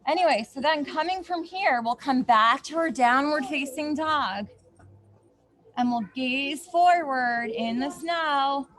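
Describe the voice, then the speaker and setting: Bright-voiced woman leading kids' yoga. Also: sits high. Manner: gentle guiding instructions with playful asides. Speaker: yoga teacher. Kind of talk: outdoor kids yoga class. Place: snowy backyard outdoors.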